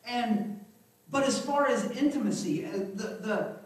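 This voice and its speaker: High-voiced pastor preaching in an echoey hall. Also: male voice, expressive, a little slow. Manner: conversational, repeats phrases, asks the congregation questions. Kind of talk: sermon. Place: church sanctuary. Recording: very echoey church hall, mic from a distance.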